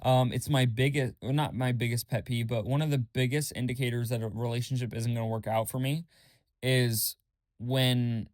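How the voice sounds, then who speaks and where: This young man's podcast is a candid, rambling journal-style monologue with plenty of fillers and swearing, delivered at normal speed with fairly even intonation and a slightly mellow voice. He mimics people in a high, mocking tone. The studio-quality audio has no echo.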